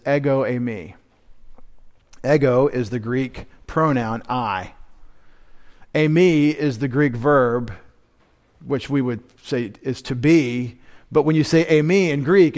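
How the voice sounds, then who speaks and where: With a darkish tone, this male pastor teaches during a midweek church sermon. Key words get louder and higher as he lectures, and he slips in wry remarks aimed at the congregation.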